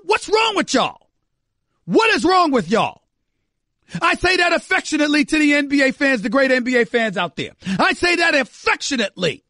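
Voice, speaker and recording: A male sports radio host with a very high, bright, forceful voice, recorded dry and close in a studio. He rants emphatically, circling back on the same phrases for effect. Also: dry recording. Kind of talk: sports talk radio monologue.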